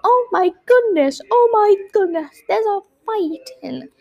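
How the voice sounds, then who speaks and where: A woman's voice: very high-pitched, lively intonation, unhurried, creaky, lo-fi sound, voice pushed up, exaggerated voice. A woman voicing a frightened little orphan girl who whines and frets. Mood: fretful. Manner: whining, fretful.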